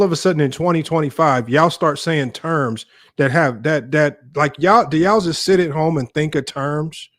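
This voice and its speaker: A man's voice: on the high side, normal speed, few pauses, a bit bright. A man hosting a sports debate live stream, ranting in an exasperated, heated way to his viewers.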